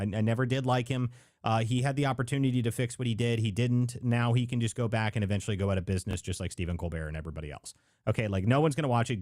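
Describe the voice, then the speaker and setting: A man's voice: fairly low pitch, a little mellow, no echo, studio quality. A man hosting a live political talk stream, rambling and emphatic, leaning hard on "like" as he opinionates. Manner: rambling, emphatic, heavy use of "like". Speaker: livestream political show host. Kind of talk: casual political commentary.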